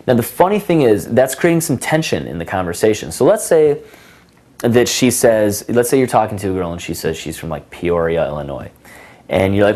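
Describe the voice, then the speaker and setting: A man coaching on dating, talking casually with many fillers and acting out example lines with sudden jumps in pitch. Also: very animated, brisk, darkish tone. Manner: many fillers like um and you know. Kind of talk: casual instructional talk.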